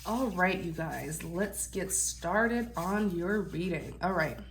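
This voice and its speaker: Lady tarot reader, nasally and a bit sick, lowish voice, soft hiss behind. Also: animated, slow. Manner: gentle, reassuring, fillers and restarts. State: unwell, congested. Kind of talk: channeled tarot reading.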